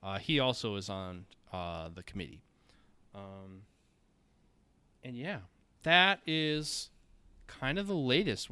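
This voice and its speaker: A man's voice: mid-range voice, clear, resonant tone. A man with a Minnesotan accent, co-hosting a casual podcast, rambling with plenty of ums and restarts. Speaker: podcast co-host. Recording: quiet, dry close-mic audio.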